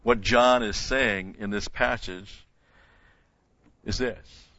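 A man with a lowish but bright, forceful voice teaches a verse-by-verse Bible lesson. He poses questions to the class and answers them himself, repeating key words for emphasis. The recording sounds dull and lo-fi. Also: fairly even intonation, slow pace, dry recording.

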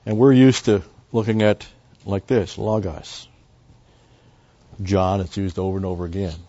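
A man's voice: on the low side, steady tone, unhurried, mellow, dull audio. An older man teaching a Bible study lecture in a rambling, conversational way full of asides.

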